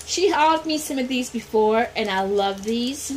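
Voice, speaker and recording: A woman's voice: a little high, normal speed, hardly any pauses, low-quality recording. A middle-aged woman unboxing gifts from a swap, gushing and gasping over every item as she talks. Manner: gushing, gasping, repeats exclamations. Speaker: vlogger unboxing a gift swap. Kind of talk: excited unboxing chat. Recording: noticeable background noise.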